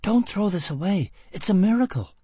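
A man voicing a hot-tempered young woman prisoner who talks in quick, excited bursts. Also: high voice, slightly rough, no echo, pitched above the performer's own voice. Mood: urgent, excited.

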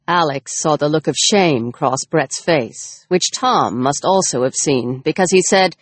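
A woman's voice: sits low, unhurried, few pauses, dry recording. Woman narrating a tense story. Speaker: audiobook narrator. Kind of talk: scripted narration.

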